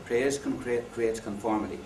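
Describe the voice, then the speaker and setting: A man's voice: mid-range voice, normal speed. A man giving a talk on education to an audience, telling jokes and asking listeners questions. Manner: anecdotal, jokey, asks the audience questions. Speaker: conference speaker. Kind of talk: lecture to an audience. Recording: echoey hall, far from mic, faint noise.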